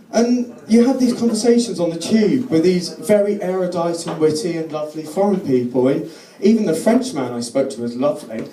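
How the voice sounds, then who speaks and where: A man's voice: fairly high pitch, expressive, a little fast, few pauses, dark tone. A man doing a live stand-up routine, chatty and sardonic, slipping into mock voices. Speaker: stand-up comedian. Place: comedy night at a London venue. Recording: echoey venue, distant mic, audience noise.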